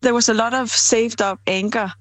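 A middle-aged woman from Denmark, a film director answering interview questions in a thoughtful, measured way. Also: fairly high pitch, fairly even intonation, no room sound. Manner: thoughtful, measured, with some fillers.

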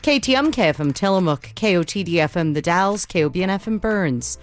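A woman radio host announcing the weather and station IDs with a lively voice. Her pitch moves around a lot. Soft music plays faintly behind her. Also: fairly quick.

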